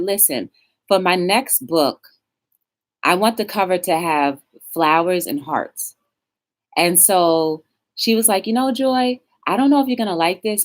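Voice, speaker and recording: A woman hosts a casual live-stream talk show, speaking straight to her viewers. Her voice sits on the low side but leaps around with lively, animated pitch. She leans on words for emphasis when she reads quotes aloud.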